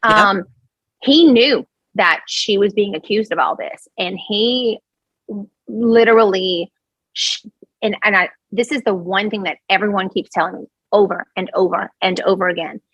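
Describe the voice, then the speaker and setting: A woman from Louisiana with a Cajun accent, a podcast guest telling a story in an animated, rambling way. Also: mid-range voice, a little slow, slightly rough, no room sound, rough recording. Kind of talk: casual storytelling chat.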